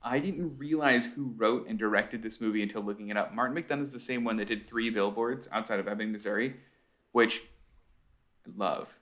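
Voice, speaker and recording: A man's voice: lowish voice, fairly quick, a bit bright. A man co-hosting a casual podcast over a video call, enthusiastic and self-deprecating. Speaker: podcast co-host. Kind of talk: casual chat.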